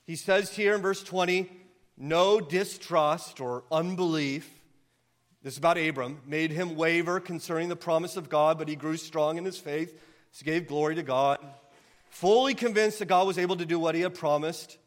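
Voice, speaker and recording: Impassioned high-voiced male pastor preaching. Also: normal speed. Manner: impassioned, rising to near-yelling then softening to earnest. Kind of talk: sermon.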